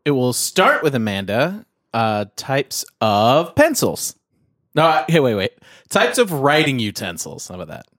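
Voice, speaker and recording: A man's voice: medium pitch, huge pitch swings, measured pace, fairly bright tone, dry recording, studio quality. A man hosting a casual podcast chat, running a word game with a playful, teasing manner. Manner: playful, teasing, laughs easily.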